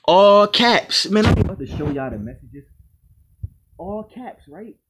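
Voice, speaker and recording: A man's voice: high voice, very animated, measured pace, a bit bright, a little hiss or hum. A man in an aggrieved, profane monologue to the camera, repeating his points as he rants. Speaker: vlogger.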